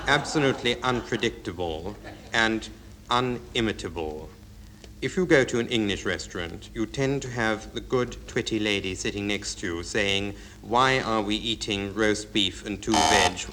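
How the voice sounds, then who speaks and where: Low-voiced dry guy, deadpan, talks slow, hissy old radio tape. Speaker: panellist. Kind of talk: improvised panel game monologue.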